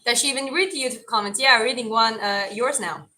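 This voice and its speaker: Bright-voiced woman chatting on a livestream. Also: on the high side, brisk, low-quality recording. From Georgia. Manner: chatty, rambling with many restarts. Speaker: livestream host reading chat. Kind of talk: casual livestream chat.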